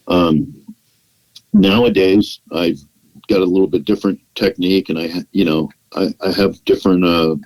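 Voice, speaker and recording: A man from California, United States, with a low voice and a darkish tone, tells a long personal story as a podcast guest. He acts out the dialogue he quotes in conversation and often restarts with "you know." The audio is poor.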